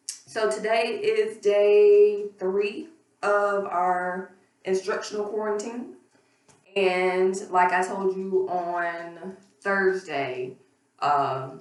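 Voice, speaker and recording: A hoarse woman teacher giving a recorded math lesson, explaining patiently step by step with frequent ums. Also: medium pitch, little pitch movement, takes it slowly. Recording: echoey room, far from mic.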